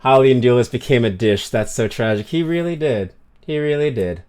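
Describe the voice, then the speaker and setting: In a clean, darkish, medium-pitched voice at normal speed, a man streams a game and banters with viewers. He mocks himself, stumbles over foreign words and bursts into exaggerated mock drama as he reacts to chat.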